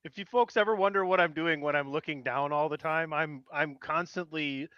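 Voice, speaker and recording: Bright-voiced teasing podcast co-host. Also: male voice, fairly high pitch, moderate pace, clear, resonant tone, dry recording, highs cut off. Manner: playful, teasing. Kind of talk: casual pop-culture chat.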